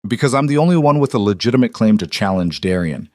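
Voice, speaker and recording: A man's voice: lowish voice, animated, quick pace, darkish tone, no room sound, clean studio sound, close to an everyday voice. A man voicing a defiant young woman, a cast-out wolf queen, who speaks in a cool, level, unyielding way. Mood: steely.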